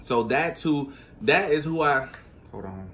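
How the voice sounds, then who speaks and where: A man hosting a casual reaction vlog, speaking straight to his viewers in an animated, slangy way. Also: mid-range voice, unhurried. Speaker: vlogger.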